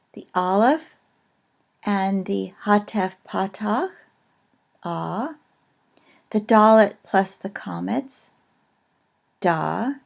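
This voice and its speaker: A woman teaching a recorded lesson, explaining slowly and carefully with frequent pauses. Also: medium pitch, vocal fry, a little mellow. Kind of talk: recorded lecture on a language.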